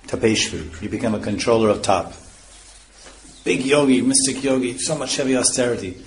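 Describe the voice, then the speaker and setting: A man's voice: mid-range voice, a little fast, slight background noise. A man giving a scripture lecture as a spiritual teacher, explaining terms one by one and chuckling at his own points.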